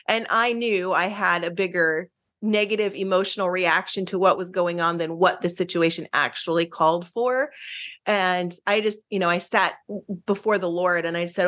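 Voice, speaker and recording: A middle-aged woman, a marriage counselor and guest, talking earnestly and casually with lots of fillers, restarts and quick laughs. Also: mid-range voice, fairly even intonation, a bit bright. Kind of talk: casual interview chat.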